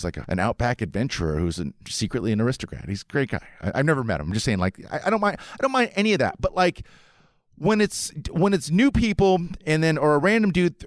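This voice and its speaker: A man's voice: a little high, dry recording, clean studio sound. Profane ranting podcast man. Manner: profane, rambling, sarcastic. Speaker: podcast host. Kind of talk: casual ranting monologue.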